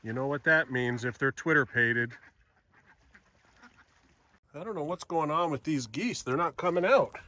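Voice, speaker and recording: A man vlogging outdoors on his farm, talking casually to the camera and gently chatting to his cats, ducks and geese. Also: on the high side, unhurried, long pauses. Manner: chats softly to his animals. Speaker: homesteading vlogger. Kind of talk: casual farm vlog talk.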